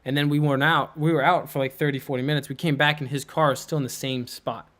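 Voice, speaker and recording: A young man telling a rambling story on a podcast, animated, laughing and imitating people as he goes. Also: fairly high pitch, fast. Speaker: podcast co-host. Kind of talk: casual storytelling.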